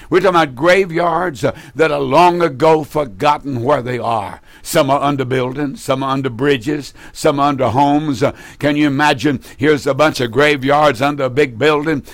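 A man's voice: mid-range voice, dry recording. Fervent preacher man. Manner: fervent, emphatic, repeats phrases. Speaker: preacher and broadcast host. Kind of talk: preaching on broadcast.

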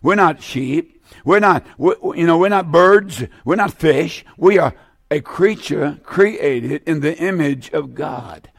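A gravelly male radio preacher with a slightly raised pitch delivers an emphatic sermon, hammering home repeated phrases. The sound is dry and close, with no room around the voice. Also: slow, no echo. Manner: repetitive, emphatic preaching with frequent restarts. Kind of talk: broadcast sermon with call-in number.

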